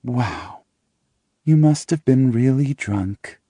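A man reading a story aloud, voicing a hurt, emotionally drained young woman in a flat monotone. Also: on the high side, a little slow, husky, dry recording, pitched above the performer's own voice, exaggerated voice. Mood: flat cold.

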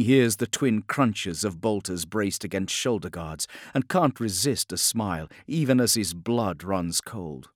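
A man narrating an audiobook in a measured, grave storytelling manner. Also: fairly low pitch, lively intonation, no room sound, clean studio sound.

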